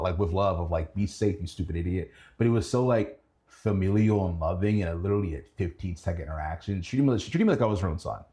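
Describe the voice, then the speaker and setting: A young man telling stories in a casual chat, animated and laughing, his voice jumping up when excited. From Indianapolis. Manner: animated, laughing storyteller who rises high in pitch when excited. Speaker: guest. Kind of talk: casual storytelling.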